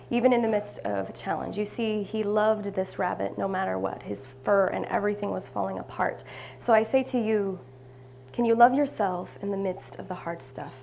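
A woman minister delivers a sermon in a warm storytelling manner. Her mid-range voice has a gravelly edge and sometimes drops to hushed asides, with a faint hiss behind it. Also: mid-range voice.

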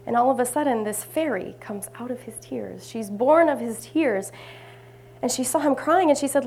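Gravelly-voiced woman preaching. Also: a little high, lively intonation, moderate pace, a little mellow, a little hiss or hum. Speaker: minister. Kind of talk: sermon.

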